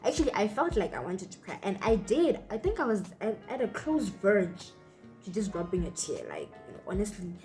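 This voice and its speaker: Brief: young woman with a Botswana accent, mellow tone, chatty storytelling vlogger, faint music behind. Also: mid-range voice, sing-song, a little fast. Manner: chatty, full of fillers and acted-out quotes. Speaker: YouTuber. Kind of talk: storytelling vlog.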